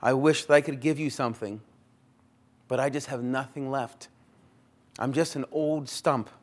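A man voicing an old, self-giving female tree in a storybook read aloud during a sermon, speaking gently and apologetically. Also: medium pitch, fairly even intonation, moderate pace, lightly acted. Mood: gentle.

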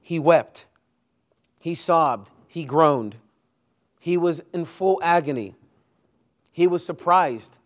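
A man's voice: on the high side, slow pace, pauses often. A man preaching a Sunday sermon, earnest and emphatic, building his points through long lists with rising force. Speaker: pastor. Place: church.

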